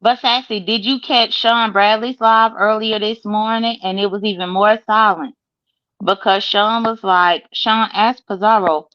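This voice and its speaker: A woman's voice: medium pitch, steady tone, measured pace, no room sound, lo-fi sound. A woman co-hosting a casual online chat, talking emphatically and swearing freely. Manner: emphatic and profane.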